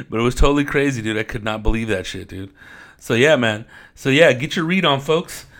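A man's voice: mid-range voice, moderate pace, a bit bright. A man from Riverside, California, telling stories in a laid-back podcast chat, swearing often and saying "dude" constantly. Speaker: podcast host. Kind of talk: casual storytelling.

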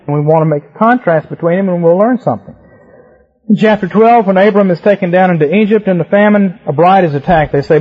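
A man preaches briskly, teaching through the scriptures with emphatic rhythm and repeating words to press his points. His husky voice sits a little high, and the recording is muffled and lo-fi.

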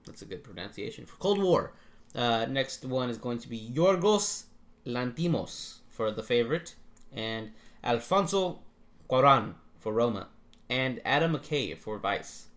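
A man hosting a casual podcast chat, running through nominees in a relaxed way, laughing often and swearing freely. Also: medium pitch, measured pace. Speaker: podcast host.

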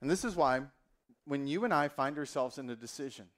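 A man's voice: medium pitch, expressive, fairly quick. A male pastor preaching a sermon, addressing listeners directly with rhetorical questions.

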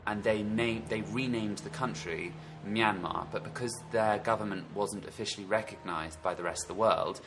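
A man's voice: lowish voice, moderate pace, vocal fry, hardly any pauses, background noise. A man with a slightly posh London accent, chatting casually on a podcast and rambling with many ums and self-corrections. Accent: southeastern English, London, slightly posh. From England. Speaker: podcast co-host. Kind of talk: casual chat.

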